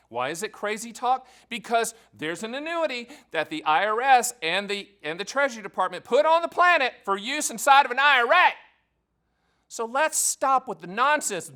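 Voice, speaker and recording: Man, annuity agent, direct-to-camera explainer, high voice, joking, emphatic. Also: big pitch swings, normal speed, sharp tone, clean tone. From American South. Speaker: annuity agent hosting his own channel.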